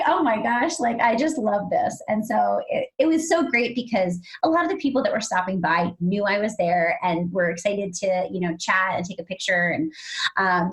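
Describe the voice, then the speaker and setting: A woman co-hosting a podcast, chatting casually and telling lively stories with acted-out quotes. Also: rough recording. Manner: animated storyteller, acts out quotes in a high excited voice. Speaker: podcast co-host.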